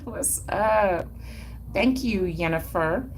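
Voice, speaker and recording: Speaking to viewers on a livestream, this Denver, Colorado hair stylist and brand owner is emphatic and casual, full of sassy slang and chuckles. Her deep voice is expressive at a normal speed, with a little hiss or hum in the recording.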